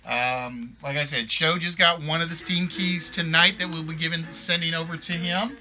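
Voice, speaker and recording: Bright-voiced man hosting a live stream. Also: on the high side, fairly even intonation, normal speed, soft background music. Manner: rambling, self-correcting, apologetic. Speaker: game show stream host. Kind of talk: casual live stream chat.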